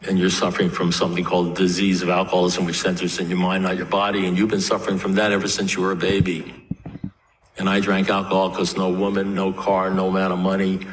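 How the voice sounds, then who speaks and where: A man's voice: low-pitched, monotone, quick pace, distant mic. A middle-aged man giving an earnest recovery talk in a meeting hall, telling stories and acting out the dialogue. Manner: earnest storytelling, acts out dialogue. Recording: echoey hall, faint noise.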